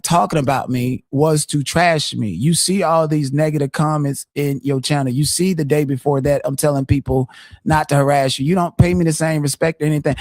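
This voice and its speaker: A man speaks a little high for his sex, rattling off blunt, foul-mouthed opinions with constant restarts. The sound is dry and close, with no room around it. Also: a little mellow, no room sound. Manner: blunt and profane, fast with many restarts. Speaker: guest on a live show. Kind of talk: casual live-stream chat.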